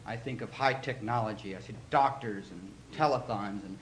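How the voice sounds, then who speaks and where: Animated man telling his story in an echoey hall. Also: lowish voice, moderate pace. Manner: animated, emotional storytelling with crowd laughter. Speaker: recovery meeting speaker. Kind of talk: personal testimony talk. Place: meeting hall before an audience. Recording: echoey hall, faint room noise.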